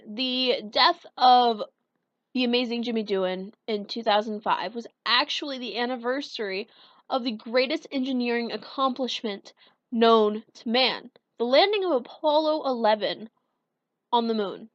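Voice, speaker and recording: A woman's voice: fairly high pitch, lively intonation, a little slow, a bit bright, dry recording. Young woman vlogger, casual and enthusiastic, with fillers and self-corrections; a slightly muffled home recording. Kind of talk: casual countdown vlog.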